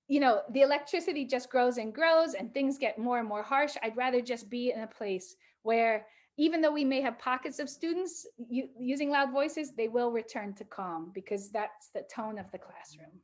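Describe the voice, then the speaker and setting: A middle-aged woman teacher talking calmly to a group of teachers, measured, with pauses and fillers. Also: high voice.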